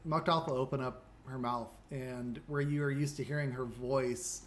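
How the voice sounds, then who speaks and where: A man narrating as dungeon master, describing the scene in a relaxed, halting way. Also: mid-range voice, slight background noise. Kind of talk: narrating a tabletop game.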